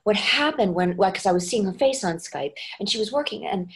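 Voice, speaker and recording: A woman who coaches dialects, chatting as an interview guest and jumping into quick acted examples as she explains. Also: medium pitch. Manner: animated, acts out voices when giving examples. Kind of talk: casual interview chat.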